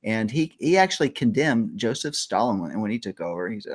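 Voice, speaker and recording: A male talk show host chats loosely through trivia, rambling and joking as he goes. His pitch moves around a lot and he laughs easily. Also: very animated, a little fast. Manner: jokey, rambling, laughs often. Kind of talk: casual morning show chat.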